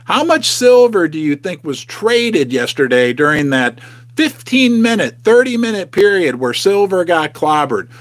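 A middle-aged man talks casually to his livestream viewers from a home basement, folksy and emotional. His voice sits high and swings widely in pitch. The sound is dry and close, with no room echo. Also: sing-song, a little slow. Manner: chatty, folksy and emotional, asks viewers questions. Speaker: host of a precious-metals investing channel.

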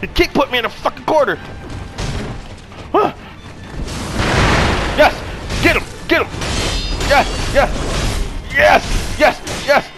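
A man, hosting a gaming channel and yelling, cursing and cheering through live gameplay commentary. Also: extremely high pitch, lively intonation, slow, long pauses, over loud music. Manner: loud, cursing, shouting at the game.

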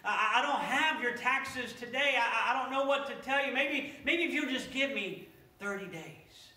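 A man's voice: very high voice, normal speed, bright, forceful tone, reverberant, far from the mic, full character voice. A man voicing a poor blind beggar who stammers and pleads in a rush. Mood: pleading.

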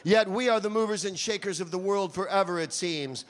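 High-voiced emcee reciting grandly. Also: male voice, brisk. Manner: declamatory, building to a showman's call. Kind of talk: stage introduction.

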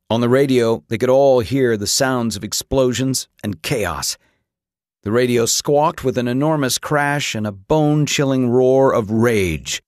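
A man reading an audiobook with dramatic, expressive narration. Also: mid-range voice, normal speed, no room sound, studio quality. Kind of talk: scripted narration.

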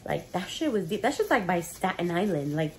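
A woman's voice: fairly low pitch, big pitch swings, brisk, slight background noise. A young woman, chatting casually between bites in a mukbang eating vlog. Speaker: food vlogger.

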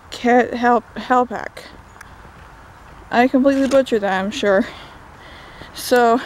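A young woman with a slightly high voice chats through a book recap, dry and sarcastic at times. She's out walking in the woods, recorded on a phone, with faint outdoor noise behind her. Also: rough recording. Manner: chatty, sarcastic asides. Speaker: book vlogger.

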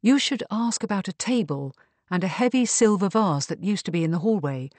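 A woman voicing a discreet, resourceful young Regency lady who speaks quietly and calmly. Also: medium pitch, a little fast, dry recording, natural voice. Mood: composed. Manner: quiet, composed.

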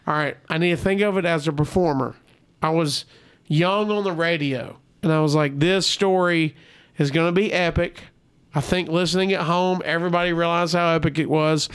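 This male podcast guest has a high-sitting voice that's clear and resonant. Telling a story on a comedy show, he gets animated and performs each character's quoted lines.

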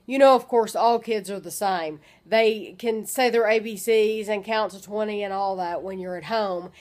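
A woman's voice: medium pitch, normal speed, a little mellow, rough recording. A woman vlogging at home, chatting casually and switching to sing-song baby talk with her son. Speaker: vlogger and mother. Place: home, indoors and at the back door.

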